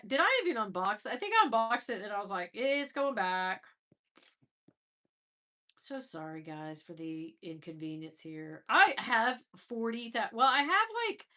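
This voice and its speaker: A woman's voice: medium pitch, pushed and bright. A middle-aged woman hosting a casual livestream, chatting and laughing as she scrolls through old photos, her nose stuffy after crying. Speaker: livestream host.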